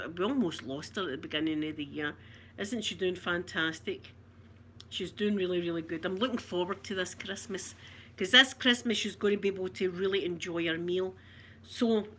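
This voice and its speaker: Her voice sits mid-range and a bit bright, with a little hiss or hum in the recording. A Scottish ASMR host with a Glaswegian accent, she chats playfully and broadly with her viewers, giggling a lot.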